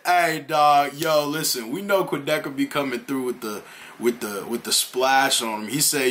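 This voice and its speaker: A man hosting a music reaction channel, talking in casual, slang-heavy commentary and hyping up what he hears with quick affirmations. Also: mid-range voice, steady tone, fairly bright tone.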